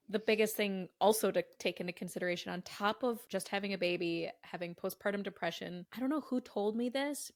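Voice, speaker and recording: A woman co-hosting a podcast in casual chat, supportive and affirming. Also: mid-range voice. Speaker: podcast co-host.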